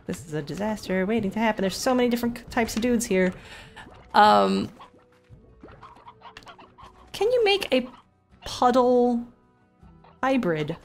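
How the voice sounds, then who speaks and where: A woman streaming a game, chatting away in an animated, storytelling way. She swears freely and keeps a medium pitch. Her talk stays loose and unscripted. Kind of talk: casual gameplay commentary.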